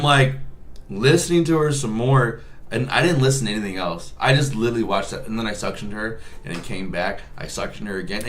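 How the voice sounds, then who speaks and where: A man's voice: fairly low pitch, fairly bright tone, slight background noise. A man, a nurse, telling a work story in a profane, rambling, casual vlog style.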